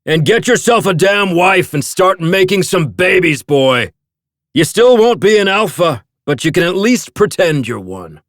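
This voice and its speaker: A man's voice: high-pitched, very animated, unhurried, fairly bright tone, no room sound, studio quality, pitched above the performer's own voice, exaggerated voice. A man voicing a harsh, contemptuous older tycoon who snaps scornfully at his son in an audiobook. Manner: snapping, scornful. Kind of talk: audiobook character voice.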